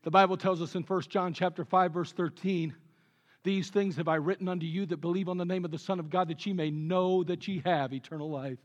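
A man preaching a sermon with earnest conviction, dropping low and quiet on his key points. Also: steady tone, brisk, muffled recording. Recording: long reverb of a large hall.

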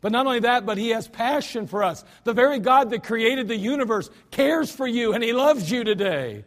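A man preaching a sermon as pastor, talking conversationally and dropping to quiet spoken lines before sudden shouted demonstrations. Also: extremely high pitch, lively intonation, normal speed. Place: church sanctuary.

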